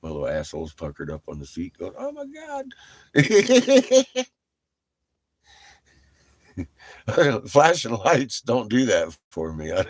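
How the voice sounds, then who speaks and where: A deep-voiced middle-aged man with a husky, slightly rough tone tells a loose, rambling story about his trip. He swears freely and keeps breaking into laughter as he talks. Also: sing-song, a little fast, few pauses, no echo. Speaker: vlogger. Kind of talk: casual storytelling.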